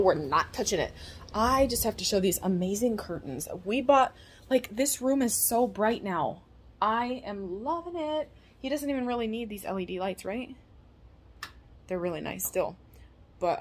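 A woman chatting straight to her phone camera at home, excitable and a little out of breath, in a casual vlog. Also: medium pitch, breathy edge. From Florida, USA. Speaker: vlogger and small business owner. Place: at home, indoors.

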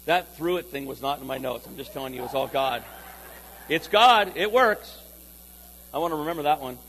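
Male preacher, high and lively, playful delivery with sudden loud bursts. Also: moderate pace, rough recording. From California. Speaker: pastor. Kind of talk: sermon.

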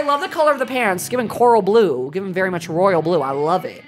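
A young woman streaming a horror game, talking to chat and reacting loudly, with lots of swearing. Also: medium pitch, brisk. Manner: animated, swearing, dramatic scared outbursts. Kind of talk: live gameplay commentary.

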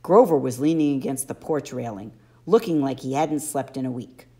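A woman narrating an audiobook in an expressive first-person storytelling manner. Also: rumbling low, normal speed. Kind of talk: audiobook reading.

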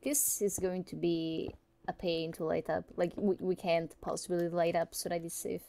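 A woman's voice: on the low side, little pitch movement, normal speed, creaky, dark tone. A woman chatting casually during a game, exclaiming and narrating what she does. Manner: exclaims, narrates her own actions. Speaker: game player. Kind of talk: casual gaming chat.

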